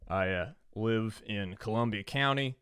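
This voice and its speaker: A man from Georgia co-hosts a podcast in loose, casual chat. He rambles and swears, with a sardonic edge. His voice is smooth and resonant, and the recording is dry and close. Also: lowish voice, measured pace, a bit bright, dry recording. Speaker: podcast co-host.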